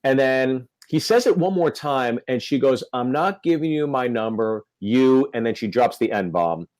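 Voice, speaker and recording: A man's voice: medium pitch, expressive, measured pace, a little mellow, dry recording, rough recording. A male comedian telling a story on a podcast, acting out the quotes. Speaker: comedian guest.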